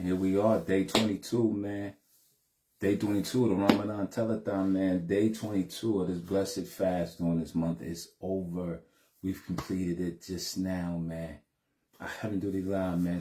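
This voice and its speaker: A man's voice: sits low, warm tone, roomy sound. A man talking casually to his viewers in a laid-back way, tacking "man" onto his phrases. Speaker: vlogger. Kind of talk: casual direct-to-camera talk.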